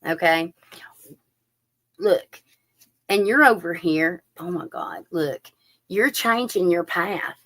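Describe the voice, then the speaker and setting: Slow and low, with long pauses, this tarot reader hosts a live-stream reading. She keeps it lively and talkative, addressing viewers directly and filling gaps with filler words.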